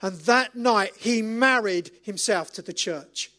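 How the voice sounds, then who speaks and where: A man leading communion in an impassioned sermon, firing off repeated rhetorical questions and swinging from loud declarations to hushed, almost whispered lines. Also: high voice, slow. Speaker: lay speaker leading communion.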